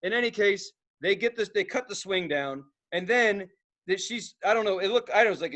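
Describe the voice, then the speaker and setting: A young man with a high, bright voice spins rowdy stories on a podcast. He swears freely, acts out sudden yells and laughs at his own tales in loose, casual chat. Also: moderate pace. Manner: profane, animated storytelling with acted-out outbursts and laughter. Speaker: podcast co-host.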